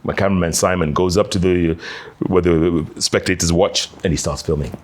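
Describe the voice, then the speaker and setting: A man, a journalist, telling an animated anecdote with many casual fillers. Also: sits low, fairly quick. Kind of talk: anecdotal storytelling.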